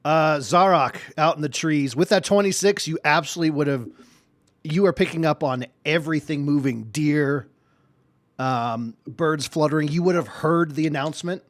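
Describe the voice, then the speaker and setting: Game master, male, higher pitch, rambling, dry close mic. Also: moderate pace, no echo. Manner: filler-heavy, rambling. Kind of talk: narrating a tabletop game.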